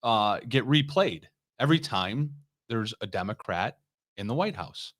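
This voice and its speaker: A man co-hosting a casual political talk show, wry and quick with joking asides. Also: fairly low pitch, animated, a bit bright, dry recording, studio quality.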